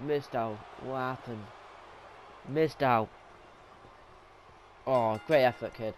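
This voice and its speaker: A young man giving excited, rambling play-by-play commentary over a wrestling video game, pleading with the action on screen. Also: medium pitch, takes it slowly, pauses often, slight background noise. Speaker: gaming commentator.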